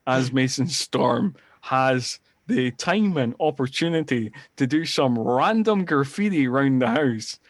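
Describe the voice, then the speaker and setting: Rambling animated man on a podcast. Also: medium pitch, measured pace, hardly any pauses, no echo. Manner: rambling, animated retelling with quoted lines. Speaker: podcast co-host. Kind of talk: casual film-review chat.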